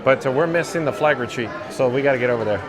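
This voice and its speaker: Racing along in a medium-pitched voice, a man reads out viewer comments and thanks people during his casual live stream. He is walking outdoors through a busy theme park, and park music and the crowd can be heard behind him.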